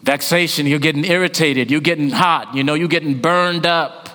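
A man's voice: on the high side, normal speed. Man preaching in an echoing hall. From Jamaican family. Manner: preaching with big swings from loud rising calls to hushed near-whispers. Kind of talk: sermon. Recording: long hall reverb.

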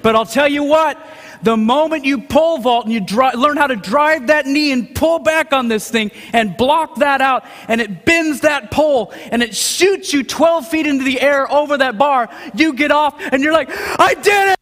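A middle-aged man preaching a sermon, dramatic, acting out quotes and swinging from hushed lines to near shouts. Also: extremely high pitch, moderate pace. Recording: long hall reverb.

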